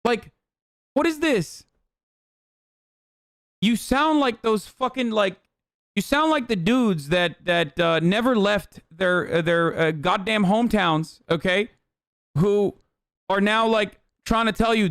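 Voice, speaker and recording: High-pitched ranting male streamer. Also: slow pace, dry recording, clean studio sound. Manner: heated, ranting, sarcastic. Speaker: streamer reacting to news. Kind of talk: casual profane political commentary.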